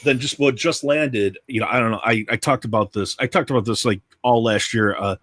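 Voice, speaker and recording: A man's voice: medium pitch, a little fast, fairly bright tone. A man co-hosting a comics livestream, chatting casually, rambling and enthusiastic with many restarts. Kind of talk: casual chat. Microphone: livestream setup.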